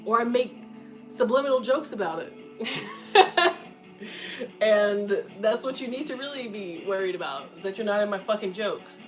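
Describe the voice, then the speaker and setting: A woman's voice: mid-range voice, expressive, normal speed, music in the background, low-quality recording. A woman in her twenties chatting casually and candidly, blunt and profane, laughing often. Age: 20s. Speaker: content creator answering questions.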